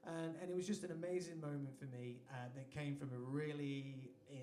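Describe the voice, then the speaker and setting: A man's voice: a little high, steady tone, fairly quick, dark tone, a little hiss or hum. An English man, a singer-songwriter performing live, telling a chatty, self-deprecating anecdote on stage between songs. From England. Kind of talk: onstage storytelling between songs. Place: live music venue stage. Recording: echoey live venue sound.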